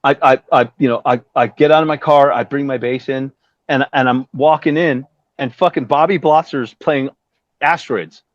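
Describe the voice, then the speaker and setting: A man's voice: moderate pace, dry recording. A man in his fifties, a guest musician telling a story in a casual interview, acting out what others said and swearing often. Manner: animated, acts out quotes with big pitch jumps, swears often. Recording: dry, dull lo-fi audio.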